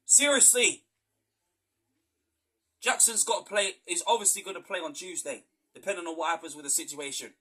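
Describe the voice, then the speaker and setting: A man hosting a football fan podcast, ranting after a match, exasperated, repeating himself and at times shouting. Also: a little high, normal speed, pauses often. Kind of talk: post-match fan reaction rant.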